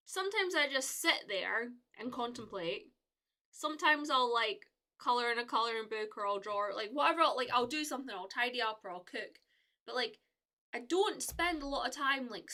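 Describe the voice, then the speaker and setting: A woman's voice: fairly high pitch, sharp tone. A young woman from the UK chatting casually with viewers on a live stream, rambling with lots of fillers and restarts.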